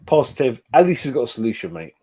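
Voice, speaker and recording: Sweary animated man in his forties. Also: medium pitch, quick pace, a little hiss or hum. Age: 40s. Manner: sweary, animated, talking to chat. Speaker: fan channel host. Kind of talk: live stream reaction.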